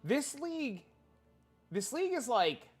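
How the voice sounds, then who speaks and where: Animated, rambling male streamer. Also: very high voice, a little slow, slightly rough, faint music behind. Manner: rambling, profane, animated, repeats himself. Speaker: livestreamer. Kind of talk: casual livestream chat with viewers.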